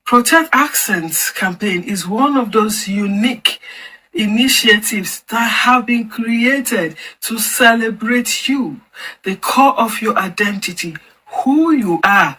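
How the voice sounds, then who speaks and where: A woman hosting a formal online celebration event, announcing each part in a measured, deliberate way. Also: mid-range voice, animated, sharp tone, slight background noise, poor audio. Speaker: event host and campaign founder.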